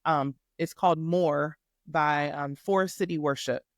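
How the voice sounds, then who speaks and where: A woman guest on a podcast, a life coach, telling a faith testimony in an animated, emphatic way and acting out the dialogue. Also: deep voice, unhurried, no echo, studio quality. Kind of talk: faith testimony storytelling in casual chat.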